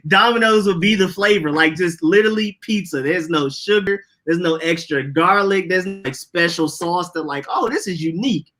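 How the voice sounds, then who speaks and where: Bright-voiced Atlanta man chatting. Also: fairly high pitch. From Atlanta, Georgia. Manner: animated, reads chat comments aloud. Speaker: podcast co-host. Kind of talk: casual chat. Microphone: live stream setup.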